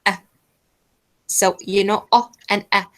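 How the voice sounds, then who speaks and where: A woman's voice: mid-range voice, little pitch movement, slow, fairly bright tone, low-quality recording. A woman teacher leads an online pronunciation lesson, hesitant and full of fillers. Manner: hesitant, many fillers, switches into Arabic to explain.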